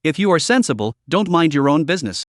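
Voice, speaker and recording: A man's voice: a little high, very animated, fast, dry recording, clean studio sound. A man voicing a scheming, cruel old male demonic cultivator, speaking in a cold, scornful manner. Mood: sneering.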